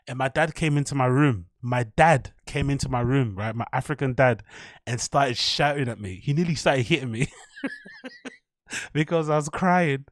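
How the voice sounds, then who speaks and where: A man's voice: medium pitch, no room sound, studio quality. A man in his thirties hosting a solo podcast, telling stories in a candid, profane, rambling way. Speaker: podcast host.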